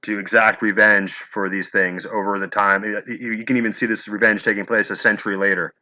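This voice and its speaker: A man's voice: on the low side, flat delivery, brisk, bright, forceful tone, lo-fi sound. A man hosting an interview, asking long, hesitant, searching questions. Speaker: host. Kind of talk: conversational interview.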